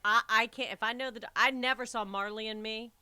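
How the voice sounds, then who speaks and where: A woman co-hosting a casual chat show, talking emphatically and with animated energy. Her voice sits a little high and sounds bright. She leans hard into her points. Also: a little fast, clean tone. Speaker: podcast co-host.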